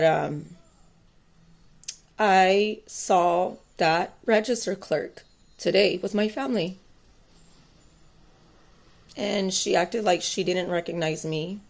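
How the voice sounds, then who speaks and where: A woman, mother of two, telling a personal story to camera in a rambling, intense way, with many fillers and a defiant tone. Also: lowish voice. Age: adult, mother of two boys. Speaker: tarot vlogger.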